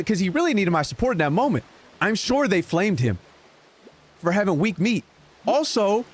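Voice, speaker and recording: A young man streaming a game, telling a long story in a casual, animated way with many restarts. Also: sits high. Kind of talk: casual storytelling while gaming. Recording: music playing in the background.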